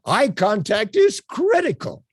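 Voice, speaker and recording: Instructor, man, lively and emphatic, lots of "uh" fillers, dry webcam sound. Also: high-pitched, a little slow, slightly rough, no room sound. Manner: animated, emphatic, with frequent uh fillers. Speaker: workshop instructor. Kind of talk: live online workshop teaching.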